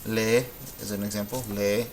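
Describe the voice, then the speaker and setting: A man's voice: on the low side, moderate pace, a little hiss or hum, poor audio. Easygoing man teaching a Spanish lesson. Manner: relaxed, thinking aloud with many ums and restarts. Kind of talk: casual classroom-style lesson.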